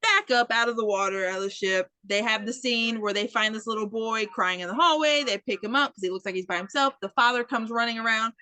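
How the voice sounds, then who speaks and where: A woman's voice: fairly high pitch, a little fast, hardly any pauses, dry recording. A woman co-hosting a podcast, retelling a film in casual chat, acting out the characters' lines and swearing freely. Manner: animated storytelling, acting out quotes, swears freely. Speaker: podcast co-host. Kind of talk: casual movie recap chat.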